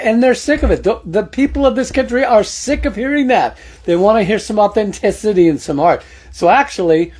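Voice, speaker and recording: A man's voice: sits high, warm tone. A man hosting a political commentary show, talking casually and sarcastically to his viewers, greeting them by name and punctuating points with amen.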